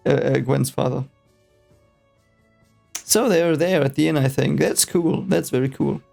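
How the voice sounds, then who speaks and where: In a gravelly, dark, medium-pitched voice, a man who grew up speaking German casually reads a book aloud for the first time. He keeps interrupting himself with rambling, hesitant, exasperated asides.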